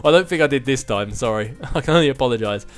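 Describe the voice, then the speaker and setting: A man's voice: mid-range voice, lively intonation, fast talker. A man hosting his own gaming channel, answering viewer questions in a casual, chatty way and chuckling between thoughts.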